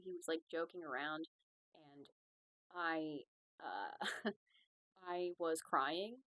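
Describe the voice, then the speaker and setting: A woman's voice: on the low side, no room sound, rough recording. A young woman hosting a podcast, telling a long story in a rambling, profane, self-mocking way. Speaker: podcast host. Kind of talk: casual solo podcast storytelling.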